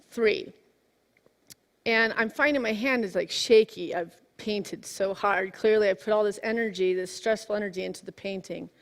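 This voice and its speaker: A woman in her forties giving a sermon, telling a personal story in a lively way that swings from hushed to exclaiming. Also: mid-range voice. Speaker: minister. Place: church sanctuary. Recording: long hall reverb.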